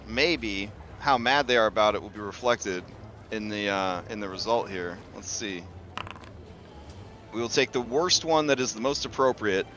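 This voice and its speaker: A man's voice: on the low side, normal speed, background noise. A man running a tabletop game as game master, talking loosely and chattily with many fillers and the odd curse.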